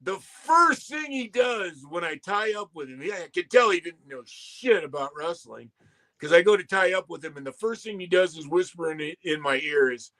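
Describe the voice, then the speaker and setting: Give me a man in his sixties with a fairly high, bright voice, telling rambling, salty anecdotes. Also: lively intonation, moderate pace. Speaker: guest, former pro wrestler. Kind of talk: casual storytelling.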